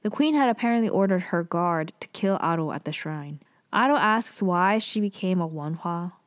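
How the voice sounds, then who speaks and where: A young woman casually recapping a TV drama, chatty and full of fillers and quick asides. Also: lowish voice, expressive, dry recording.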